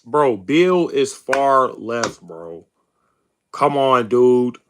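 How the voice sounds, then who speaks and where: A man's voice: mid-range voice, lively intonation, very slow, fairly bright tone, a little hiss or hum. A young man hosting a political stream, arguing with chat in a heated, mocking way and calling people bro and dude. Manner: combative, mocking, says bro and dude a lot. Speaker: host of a political livestream reading chat. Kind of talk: heated casual commentary.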